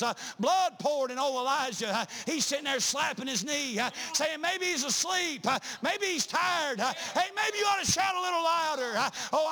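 A male preacher with a very high voice delivers a sermon in a chanting style, broken up by frequent "uh" sounds. At times he rises to shouting.

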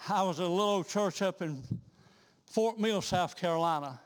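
A preacher with a high voice delivers a revival sermon from the pulpit. He repeats his words in a rhythmic cadence and climbs to loud, fervent peaks. The sanctuary leaves a long, ringing reverb on every line. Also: normal speed. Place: church sanctuary.

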